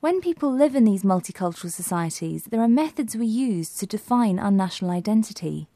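A woman co-presenting a scripted educational podcast, posing questions and explaining clearly. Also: mid-range voice, animated, a little fast, warm tone, no room sound. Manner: clear, quizzing.

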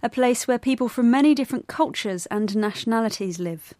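A woman co-presenting a scripted educational podcast, explaining vocabulary clearly. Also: fairly high pitch, expressive, a little fast, warm tone, no echo.

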